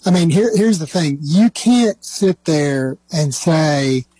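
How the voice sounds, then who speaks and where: A male caller with a warm, mellow voice who talks slowly and argues deliberately. The sound is dry and close. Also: fairly high pitch, expressive, no echo, low-quality recording. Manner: measured, argumentative. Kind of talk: call-in sports talk radio.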